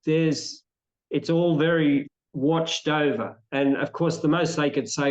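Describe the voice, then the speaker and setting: A man's voice: fairly high pitch, steady tone, unhurried, muffled recording. An Australian man giving opinionated answers in an interview, rambling and restarting his sentences often. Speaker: interview guest. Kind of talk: conversational interview.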